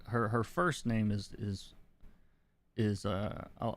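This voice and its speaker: Low-voiced man thinking aloud. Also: fairly even intonation. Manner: halting, thinks aloud with many restarts and repeated words; chuckles softly between remarks. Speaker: comic book colorist streaming his work. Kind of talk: casual livestream chat while working.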